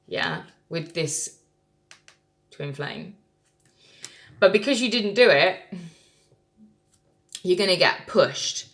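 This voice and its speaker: A woman's voice: fairly low pitch, lively intonation, slow pace, creaky, pauses often, fairly bright tone. A woman giving a casual tarot reading, blunt and lecturing, who swears freely. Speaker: tarot reader.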